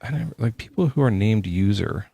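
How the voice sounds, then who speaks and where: A man's voice: lowish voice, lively intonation, fairly quick, vocal fry, mellow, slightly rough, dry recording. A man hosting a casual livestream debate show, talking with many fillers and restarts. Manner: hedging, lots of fillers and restarts. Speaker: podcast host.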